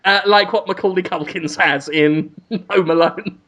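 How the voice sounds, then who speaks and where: Man podcast co-host, deadpan rambling storyteller, ums a lot. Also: high-pitched, moderate pace, muffled recording. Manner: rambling, deadpan absurd scenario-spinning with frequent ums.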